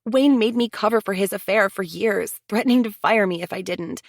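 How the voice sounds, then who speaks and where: A woman's voice: mid-range voice, fairly quick, no room sound, clean studio sound, voice pushed up, natural voice. A woman reading an audiobook and voicing an anxious young female assistant who sounds pleading and apologetic. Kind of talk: audiobook character voice.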